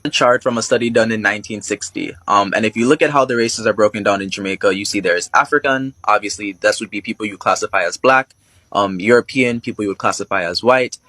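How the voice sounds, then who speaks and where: Male host, lowish voice, calm informative commentary, dry close sound. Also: no echo. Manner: measured, informative. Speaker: reaction video host. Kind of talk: explanatory commentary.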